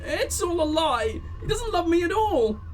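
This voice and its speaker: A man's voice: very high voice, sing-song, measured pace, soft background music, voice pushed up, full character voice. A man doing a wailing young woman's ghost. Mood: mournful. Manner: pleading, wailing.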